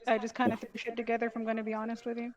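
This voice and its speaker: A woman's voice: on the high side, completely flat delivery, racing, muffled recording, crowd noise. A woman playing a tabletop game for the first time, hesitant and full of fillers. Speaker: novice player. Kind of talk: casual chat.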